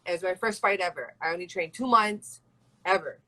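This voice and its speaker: A woman's voice: lowish voice, brisk, bright, forceful tone, rough recording. A young woman from Hawaii, a fighter chatting in an interview with a rambling, casual flow. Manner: chatty and rambling, full of "like" and "you know". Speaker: MMA fighter and guest.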